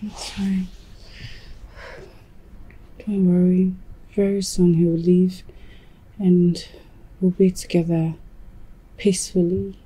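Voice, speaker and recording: A woman playing a devoted young wife and daughter in a Nigerian film drama, pleading softly, with a Nigerian accent. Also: on the low side, flat delivery, slow, long pauses, slightly rough. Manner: pleading, soft-spoken.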